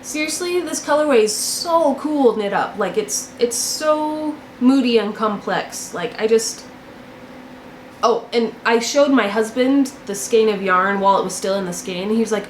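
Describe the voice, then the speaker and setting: A woman's voice: on the high side, normal speed, a little hiss or hum. Chatty woman gushing about her knitting. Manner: chatty, gushing, repeats words for emphasis. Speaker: knitting podcast host. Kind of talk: casual show-and-tell chat. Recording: echoey room.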